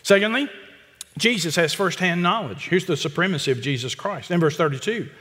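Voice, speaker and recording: A man preaching an expository sermon, emphatic and repetitive, with quick asides to the congregation. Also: sits high, animated, pushed and bright, in a large hall. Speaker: pastor.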